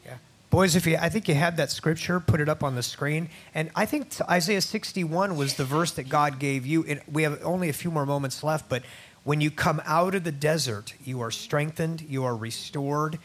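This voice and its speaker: A man's voice: a little high, moderate pace, a bit bright. A man hosting a Christian talk show, affirming his guest and asking her questions.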